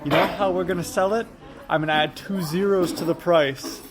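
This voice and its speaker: A man's voice: high-pitched, fairly even intonation, fairly quick, pitched above the performer's own voice, lightly acted. A man doing a brash wheeler-dealer impression. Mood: scheming. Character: impression of a brash fast-talking middle-aged man. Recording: busy restaurant chatter behind.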